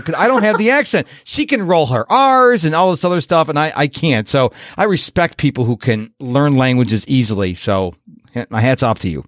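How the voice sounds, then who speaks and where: A man's voice: on the high side, sing-song, fairly quick, dry recording, clean studio sound. A man from Rochester, New York, hosting an interview show in a chatty, self-deprecating way. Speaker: podcast host. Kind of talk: casual interview chat.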